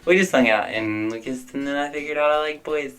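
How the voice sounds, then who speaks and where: A man's voice: on the high side, fairly quick, a bit bright, clear, resonant tone, low-quality recording. A young man chatting through a viewer Q&A for his vlog, open and outspoken, his talk full of "like" and "I don't know". A bit of music plays faintly behind him. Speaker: vlogger answering viewer questions. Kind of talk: casual Q&A vlog.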